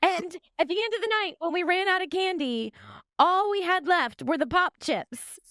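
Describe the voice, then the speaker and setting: Bubbly high-voiced woman. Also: normal speed, a bit bright, dry recording, clean studio sound. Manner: bubbly storyteller, laughs easily. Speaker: podcast co-host. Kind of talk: casual podcast chat.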